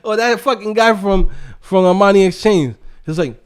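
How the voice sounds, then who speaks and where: High-voiced man ranting, heavy swearing. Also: clear, resonant tone. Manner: animated, swears constantly, acts out people in quick mocking voices. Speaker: livestream host and coding instructor. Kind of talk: profane casual livestream rant.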